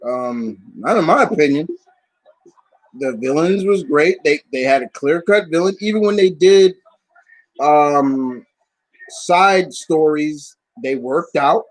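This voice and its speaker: A man hosting a casual live Q&A stream, answering viewer questions in an animated, swearing, ranting way. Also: on the high side, takes it slowly, no echo, rough recording. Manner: animated, swearing, rants with voiced asides.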